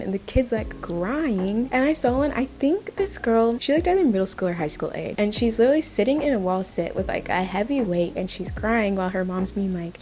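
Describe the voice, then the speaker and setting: Animated young woman commentating casually. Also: mid-range voice, moderate pace, few pauses. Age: young adult. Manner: animated, conversational, heavy use of "like". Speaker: video essayist.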